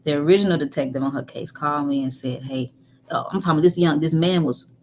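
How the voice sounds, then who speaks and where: Low-voiced woman telling her story. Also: fast, slight background noise. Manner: candid, animated, drops to whispers. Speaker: guest. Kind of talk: emotional storytelling.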